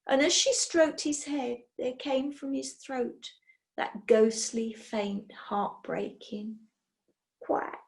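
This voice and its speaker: A woman reading a children's storybook aloud in an expressive way. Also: high-pitched, vocal fry. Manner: slow, expressive.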